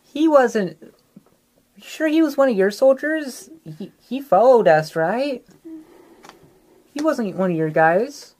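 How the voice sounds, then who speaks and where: A woman's voice: a little high, lively intonation, slow, pauses often, darkish tone. A woman playing a tabletop game, playful and laughing between rolls. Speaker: player. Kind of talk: casual tabletop play.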